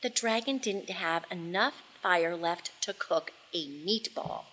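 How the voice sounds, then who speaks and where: A woman reading a storybook aloud to children, expressive and animated, with dramatic hushes and shouts. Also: fairly low pitch, slow, heavy background noise.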